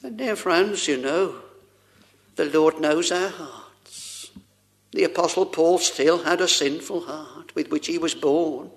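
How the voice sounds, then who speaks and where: A man's voice: a little high, slow pace. A man preaching a sermon, addressing the congregation with rhetorical questions and old-fashioned scripture wording.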